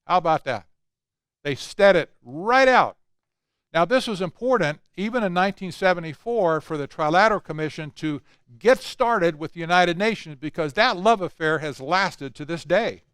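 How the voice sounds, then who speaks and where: A man's voice: high-pitched, expressive, moderate pace, fairly bright tone, clear, resonant tone, no room sound, clean studio sound. An older man speaking at a conference, emphatic and conversational, with asides. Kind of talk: lecture talk.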